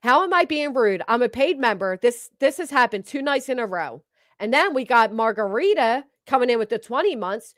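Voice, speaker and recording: A woman's voice: fairly high pitch, animated, moderate pace, a bit bright, no room sound, studio quality. A woman streamer giving blunt, sarcastic, profane gossip commentary while reading her chat, on a desk microphone. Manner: blunt, sarcastic, heavy cursing. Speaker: livestream commentator. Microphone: streaming desk mic.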